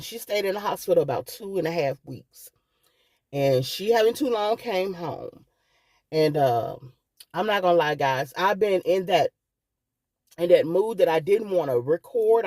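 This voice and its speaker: A woman's voice: low-pitched, darkish tone, no room sound. A middle-aged woman vlogging, telling a personal story with emotion and often calling her viewers "guys".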